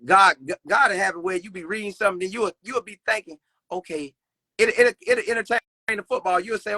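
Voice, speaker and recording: In a casual podcast chat about faith, a young male guest speaks earnestly, repeating phrases like a preacher. His high voice is brisk, pushed, and bright, recorded dry.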